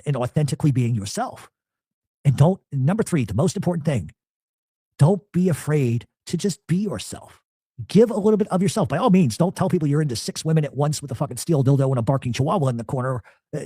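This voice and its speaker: A middle-aged man hosting a podcast, telling stories in a profane, animated casual chat. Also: on the high side, slightly rough, no echo, clean studio sound. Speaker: podcast host.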